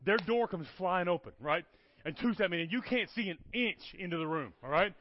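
A guest preacher with a high male voice and moderate pace shares stories in an animated sermon, regularly checking in with "okay? all right?". It's recorded in dull, dry lo-fi sound.

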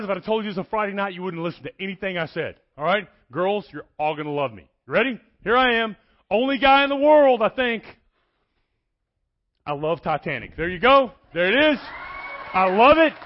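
A middle-aged man, preaching an energetic, folksy sermon in a church and joking with the congregation. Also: high-pitched, lo-fi sound. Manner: folksy, animated, joking with the crowd.

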